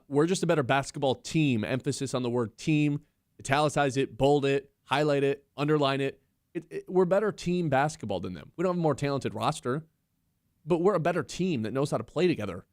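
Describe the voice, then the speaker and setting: A man's voice: a little high, no room sound, studio quality. A man co-hosting a sports radio show, making emphatic points in a casual, opinionated way. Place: radio studio.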